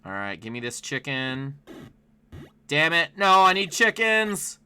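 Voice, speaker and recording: A man streaming live gameplay, chatting to viewers and yelping and shouting at the game. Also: on the high side, unhurried, smooth, no room sound. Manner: excitable, yelps and shouts at the game; chats to viewers between plays. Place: home, with his dog in the room.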